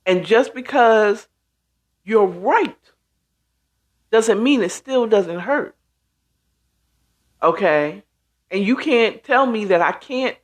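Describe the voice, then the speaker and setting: A woman hosting a casual talk show in a slow, unhurried delivery. Her pitch sits a little high and swings widely as she stresses her points. She leans into emphasis and acts out little reactions as she goes. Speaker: host.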